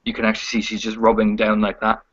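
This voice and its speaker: A man's voice: lowish voice, monotone, highs cut off. Man narrating as game master. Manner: descriptive, halting narration with fillers. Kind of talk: narrating a tabletop role-playing game.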